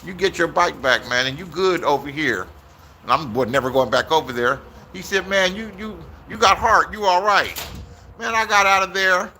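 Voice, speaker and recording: Man, 60s, from Inglewood, bright piercing voice, casual profane storytelling, acts out the voices he quotes. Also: sits high, moderate pace, slight background noise. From Inglewood, Los Angeles, USA. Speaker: YouTuber. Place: outdoors.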